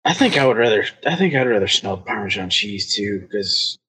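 A podcast co-host with a slightly husky voice whose pitch moves around a lot. He talks hesitantly, restarting his sentences as he goes. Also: lively intonation, normal speed, pushed and bright, rough recording. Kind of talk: casual chat.

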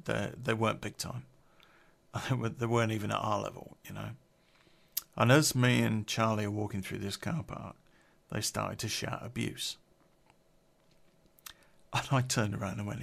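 A man's voice: fairly low pitch, steady tone, normal speed, gravelly, long pauses, fairly bright tone. A man telling an unedited personal story on a podcast, blunt, sweary and rambling, drinking beer as he talks.

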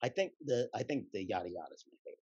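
A man, a guest actor, talks casually in an interview and tells anecdotes in a relaxed, rambling way, laughing often. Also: mid-range voice, very fast, husky, no room sound, dull audio.

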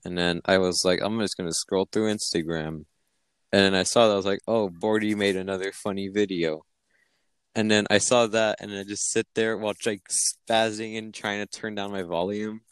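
A man's voice: lowish voice, fairly even intonation, moderate pace, clear, resonant tone, dry recording. A young man on a casual podcast, joking around and laughing as he tells a story. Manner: joking, teasing, laughs a lot. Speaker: podcast co-host. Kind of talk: casual chat.

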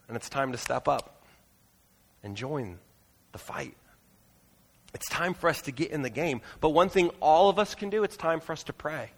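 A pastor preaching a sermon in a church auditorium, earnest and pleading, moving into prayer. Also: male voice, on the high side, a bit bright, in a large hall.

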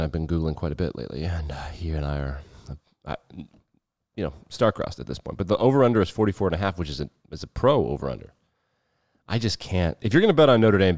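A man's voice: a bass voice, a little mellow, no echo, dull audio. A man hosting a casual sports show, running through football picks in a loose, irreverent way with some swearing. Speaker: sports betting show host.

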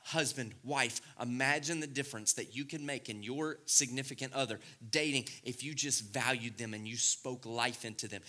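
A middle-aged male pastor preaching a sermon, swinging between loud, excited passages and hushed, intimate ones. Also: medium pitch, normal speed, hardly any pauses.

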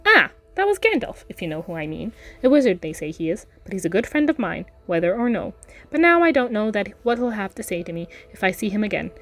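A woman voicing a bumbling, chatty middle-aged male innkeeper who rambles apologetically and is slow to reach his point. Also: medium pitch, very animated, a bit bright, soft background music.

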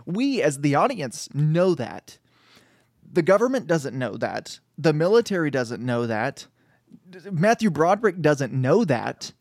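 A man's voice: fairly high pitch, very animated, measured pace, creaky, darkish tone, no room sound, studio quality. A man co-hosting a casual movie review chat, venting his frustrations in an exasperated, ranting way. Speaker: podcast co-host.

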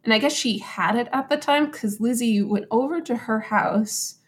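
A woman casually retelling a true story to a co-host, animated and acting out quotes in little voices. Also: a little high, moderate pace. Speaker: podcast host.

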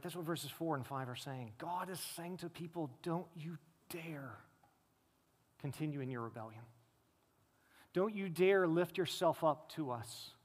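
A man preaches with a high, lifted voice, pressing his points hard, then dropping low and quiet to stress them. His words ring out with a long reverb, as if filling a large church hall. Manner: emphatic preaching, swings between loud rises and low, quiet stresses. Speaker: pastor. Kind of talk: sermon.

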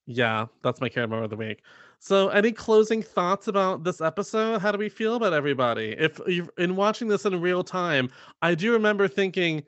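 A man co-hosting a casual podcast chat, animated and quick to laugh. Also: sits high, dry recording. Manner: animated, laughing, mimics lines. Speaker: podcast co-host.

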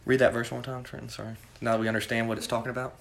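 Here the youth Bible study leader has a mid-range voice with little pitch movement, racing along with vocal fry and a fairly bright tone over slight background noise. He preaches to the student group in an echoey room, asking questions and naming students to answer.

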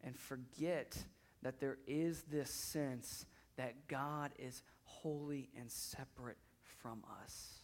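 A man's voice: mid-range voice, fairly even intonation, takes it slowly. A man in his thirties preaching a sermon in a church, conversational, often repeating words as he builds up intensity. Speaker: pastor.

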